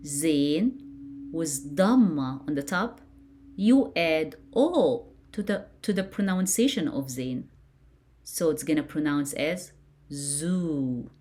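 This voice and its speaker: Patient woman teacher, low and very slow, drilling sounds for beginners with steady praise. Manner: patient and encouraging, praising each answer. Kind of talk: slow beginner lesson with call-and-repeat drills.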